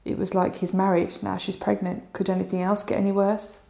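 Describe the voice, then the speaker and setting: A woman reading a witness statement in a monotone, gravelly delivery, recorded in an echoey room. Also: medium pitch, a little fast.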